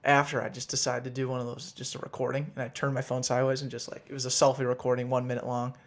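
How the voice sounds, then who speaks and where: Flat-toned rambling male podcast co-host. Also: mid-range voice, quick pace. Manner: rambling, upbeat banter with restarts. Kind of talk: casual chat.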